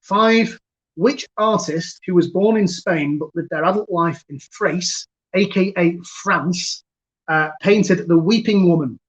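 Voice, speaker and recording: A man hosting a virtual pub quiz over a video call, chatty, chuckling, and reading each question twice, slowly. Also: high voice. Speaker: quiz host. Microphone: computer mic on a video call. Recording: dull lo-fi video call audio.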